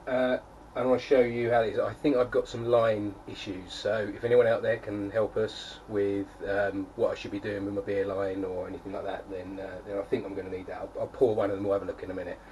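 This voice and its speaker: A man's voice: fairly low pitch, flat delivery, a little fast, a little mellow. A young man casually chatting to camera at home beside his keg setup, rambling with plenty of fillers and restarts. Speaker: homebrewing vlogger. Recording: distant mic, faint background noise.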